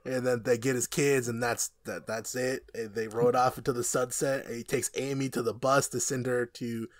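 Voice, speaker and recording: A young man co-hosting a casual podcast, retelling scenes in an animated, laughing, profane way. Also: medium pitch, normal speed, no room sound, studio quality. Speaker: podcast co-host. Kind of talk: casual review chat.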